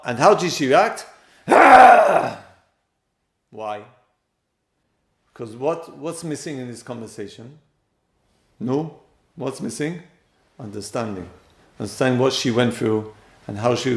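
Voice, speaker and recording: Gravelly man teaching in an echoey room. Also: mid-range voice, a little slow, pauses often. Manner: acts out quoted speakers with sudden loud jumps. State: voice a bit strained. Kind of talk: lecture on relationships.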